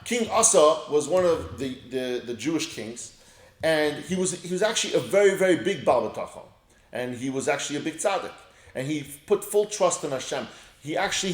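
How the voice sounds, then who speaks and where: A man's voice: fairly high pitch, darkish tone, echoey room. A man giving a casual Torah lesson, reading Hebrew phrases and explaining them with everyday examples. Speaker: Torah teacher.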